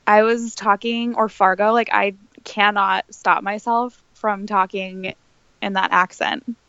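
A woman's voice: medium pitch, level tone, unhurried, pushed and bright, clean tone, no echo. Giggly woman guest on dull dry audio. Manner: giggly, easygoing. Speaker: podcast guest. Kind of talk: casual chat.

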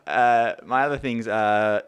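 A man with an Australian accent co-hosting a podcast, explaining things in a relaxed, casual way with frequent fillers. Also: mid-range voice, a little slow, clear, resonant tone. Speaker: podcast co-host.

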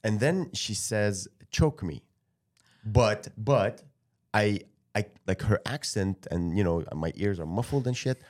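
A man's voice: on the low side, expressive, slow. A young man, a comedian and podcast co-host, telling a comic story in a playful, teasing manner. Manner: loud, playful, teasing, acts out quoted voices. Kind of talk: casual chat, comic storytelling.

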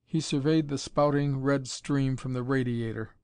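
A man narrating an audiobook in an even, measured reading voice. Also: medium pitch, clean tone, dry recording, clean studio sound. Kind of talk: scripted narration.

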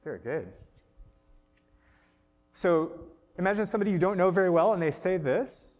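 A man leads a group workshop, coaching participants in an upbeat way and laughing often. His voice sits a bit high for a man. The sound rings with a long reverb, as if the room is a large hall. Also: lively intonation, normal speed, long pauses, darkish tone. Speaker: workshop instructor. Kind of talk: classroom teaching to a group.

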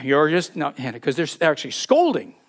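A male pastor preaching a sermon in an emphatic, expressive way, reading scripture aloud to his congregation. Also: a little high, moderate pace.

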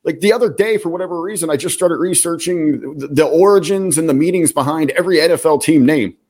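A man's voice: a little high, quick pace, a little mellow. A man co-hosting a talk show, chatting in a jokey, long-winded way. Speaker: podcast co-host. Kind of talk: casual chat.

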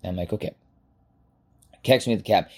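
A man in his forties, a podcast host, telling a personal story in a casual, animated way and swearing freely. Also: lowish voice, a little fast, husky. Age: 40s.

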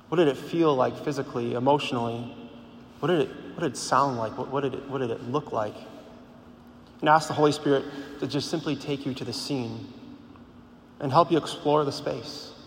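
A man's voice: mid-range voice, normal speed. A man giving an informal sermon, talking conversationally with lots of "like", repeated words and rhetorical questions. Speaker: speaker at a Catholic gathering. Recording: long hall reverb, faint background noise.

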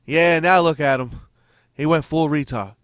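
A man's voice: fairly high pitch, normal speed, fairly bright tone, smooth, no room sound, clean studio sound. A man co-hosting a podcast in casual banter, easygoing and agreeable with lots of fillers. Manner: laid-back, agreeable, hesitant fillers. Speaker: podcast co-host.

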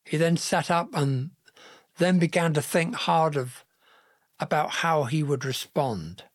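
A man narrating a Bible story in a slow, gentle, earnest reading style. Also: fairly high pitch, dry recording, studio quality.

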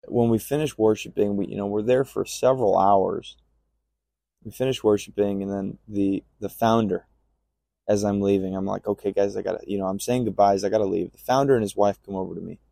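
Gravelly man telling a long story. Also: on the low side, fairly even intonation, warm tone, no echo. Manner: rambling, halting with many fillers and restarts. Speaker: podcast guest. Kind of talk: storytelling testimony.

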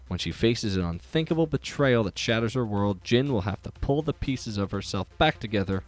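A man giving a casual book review and reading passages aloud in steady narration. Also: sits low.

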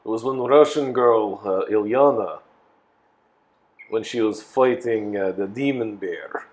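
A man's voice: fairly low pitch, a little slow, darkish tone. A man in a casual movie chat, easygoing and enthusiastic about his favorite scene.

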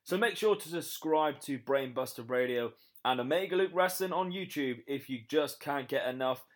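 British man, young adult, upbeat promotional podcast guest, mid-pitched voice. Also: moderate pace. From Britain. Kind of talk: pre-recorded podcast segment.

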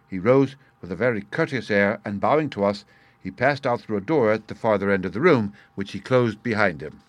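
A man reading a classic detective story aloud as narrator, in a measured, even manner. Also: lowish voice, no echo, lo-fi sound. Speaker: audiobook narrator. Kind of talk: scripted narration.

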